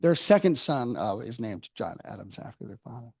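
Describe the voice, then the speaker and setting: A man giving a book talk at a university, telling history as a lively storyteller who mocks people in quick asides. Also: mid-range voice, gravelly, breathy edge, no echo. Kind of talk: public history lecture. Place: university lecture hall.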